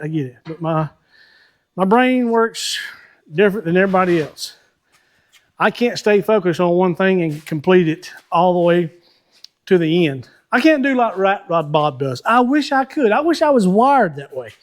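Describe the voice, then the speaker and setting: A man, hosting a car-building vlog from his shop, chatty and folksy as he thinks out loud while he works. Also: high voice, expressive, normal speed. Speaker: host of a car-building channel. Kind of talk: casual shop vlog talk to viewers.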